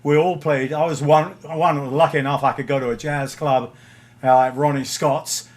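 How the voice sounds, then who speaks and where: A man's voice: a little high, steady tone, moderate pace. An older man from England, a guest musician, telling anecdotes in casual interview chat, chuckling and using frequent fillers.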